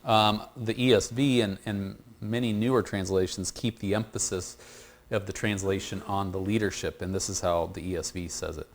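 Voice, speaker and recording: His voice is lowish and his tone steady as he teaches a Bible study group. He stumbles and repeats words while working through a passage, pulling answers out of the class.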